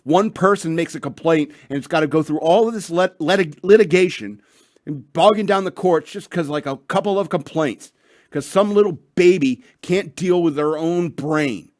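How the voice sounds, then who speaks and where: Profane, rambling radio host. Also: male voice, on the high side, normal speed, a little mellow, no room sound, studio quality. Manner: profane, rambling, repeats and restarts words. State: a bit tipsy. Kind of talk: ranting monologue and news reading.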